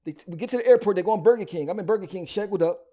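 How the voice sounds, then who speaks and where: A man from Philadelphia, a rapper guest, shares his story in a storytelling interview, his Philly accent coming through in fast, slangy bursts. He keeps restarting and doubling back, and his high-sitting voice carries a dark, mellow tone.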